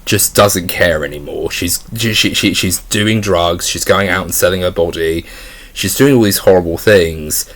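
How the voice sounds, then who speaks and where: A man's voice: low-pitched, normal speed, a bit bright. A young man giving a casual spoken film review, rambling with many fillers and restarts.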